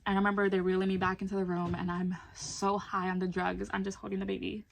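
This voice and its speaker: A woman's voice: mid-range voice, little pitch movement, fast talker, vocal fry, slight background noise. A young adult woman telling a personal story in a casual vlog, chatty and candid, swearing now and then. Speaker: vlogger.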